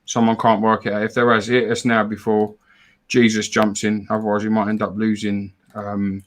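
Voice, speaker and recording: A man's voice: on the low side, completely flat delivery, moderate pace. A man co-hosting a casual live fan stream, chatting about football and reading out donations. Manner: chatty, repeats words, reads out donors. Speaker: fan show co-host.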